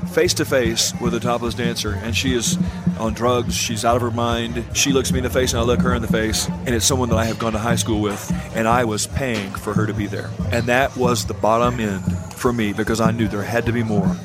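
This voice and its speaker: A man, a pastor, tells his conversion story in an earnest, even voice. A clear music bed plays under him throughout. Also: mid-range voice, fairly quick. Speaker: pastor giving testimony. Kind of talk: personal conversion testimony.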